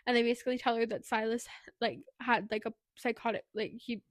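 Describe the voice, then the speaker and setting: Woman podcast co-host, fairly high voice, chatty plot recap, dry close sound. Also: flat delivery, brisk, dry recording. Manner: chatty retelling, leans on "like" and "anyway". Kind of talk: casual book recap.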